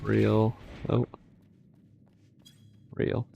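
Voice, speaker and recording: A man's voice: lowish voice, flat delivery, very slow, vocal fry, dark tone, highs cut off, slight background noise. A man casually narrating his moves while streaming a game, tired and mumbling as he plays. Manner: mumbled play-by-play, trailing off. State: sleepy. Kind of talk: casual gaming livestream commentary.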